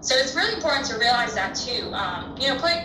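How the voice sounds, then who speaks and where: A woman's voice: a little high, expressive, fast. A woman speaking as a guest in a casual conversation, thoughtful and reflective, with many fillers. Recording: distant echoey mic with background noise.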